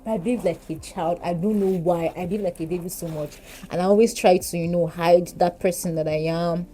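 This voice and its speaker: A woman in her twenties with a Nigerian English accent, chatting while doing her makeup, animated and giggly. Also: on the low side, a little fast, poor audio. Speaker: beauty vlogger. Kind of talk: casual get-ready-with-me chat.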